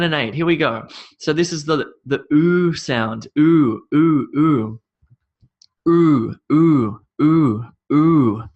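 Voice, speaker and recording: Slow Australian man drilling English sounds. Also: mid-range voice. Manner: slow, repeats each word three times. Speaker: English teacher. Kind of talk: pronunciation drill lesson.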